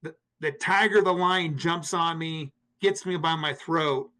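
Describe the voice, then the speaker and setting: A man's voice: a little high, measured pace, pushed and bright. Earnest man retelling a painful story. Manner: earnest, emotional retelling with many restarts and acted quotes. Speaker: podcast guest. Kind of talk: personal storytelling in an interview.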